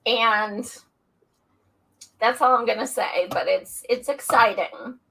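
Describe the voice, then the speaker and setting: A woman co-hosting a podcast in loose, casual chat, blunt and outspoken with a playful streak. Her voice sits a little high and rings bright and forceful. She takes her time, talking at an unhurried pace. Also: creaky, low-quality recording. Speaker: podcast co-host.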